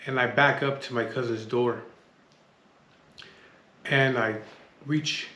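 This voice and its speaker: A man's voice: medium pitch, fairly even intonation, slow pace, pushed and bright, echoey room. A man telling a tense personal story in casual speech, blunt and full of swearing, often restarting his sentences. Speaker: storyteller recounting a street standoff.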